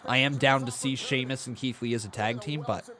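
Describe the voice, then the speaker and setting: A man hosting a casual live stream, reacting to the action, calling moves and counting along excitedly. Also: medium pitch, a little fast, crowd noise. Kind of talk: casual watch-along commentary.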